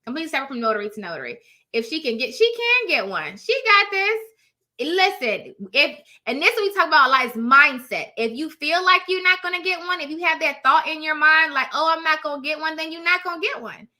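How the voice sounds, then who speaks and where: A woman's voice: sits high, big pitch swings, a little fast, sharp tone. A woman chatting casually on a live stream, coaching viewers bluntly in slang and repeating phrases for emphasis. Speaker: notary signing agent coach. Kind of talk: casual motivational live chat.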